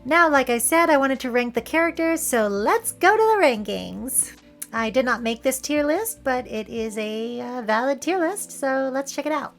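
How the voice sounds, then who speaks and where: A woman with a Californian Valley Girl accent talks casually over film clips, playful and wry. Her voice sits high. A little music plays softly underneath. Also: lively intonation, moderate pace. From San Francisco area, California. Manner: playful, wry, joking asides. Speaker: video essay host.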